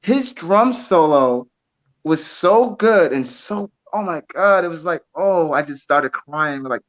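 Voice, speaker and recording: A man's voice: a little high, slow pace, low-quality recording. Young man telling a drum story. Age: 20s. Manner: animated storyteller, repeats words, acts out quoted voices. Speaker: drummer and guest. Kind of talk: casual interview storytelling.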